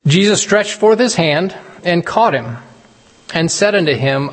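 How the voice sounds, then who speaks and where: A man's voice: on the high side, expressive, measured pace. Chatty male preacher in a reverberant hall. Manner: conversational, often asks "right?", laughs at his own retellings. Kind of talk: casual sermon.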